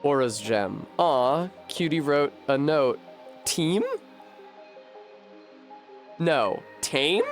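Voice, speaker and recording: A man streaming a video game, chatting casually and thinking aloud to his viewers, swearing freely and getting animated. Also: medium pitch, drawn-out words, long pauses, soft background music. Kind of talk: casual live-stream chat while gaming.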